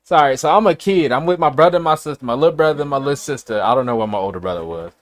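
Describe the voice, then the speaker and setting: A man's voice: medium pitch, expressive, racing. Male streamer from Chicago, casual, profane, blunt storyteller. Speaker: livestreamer. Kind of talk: casual livestream chat.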